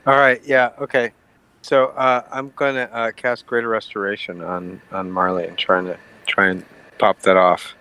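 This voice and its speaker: Guy at a tabletop game going through his spell slots, steady and careful. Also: fairly low pitch, moderate pace, clean tone, rough recording. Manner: methodical, talks through his character's spells. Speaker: player.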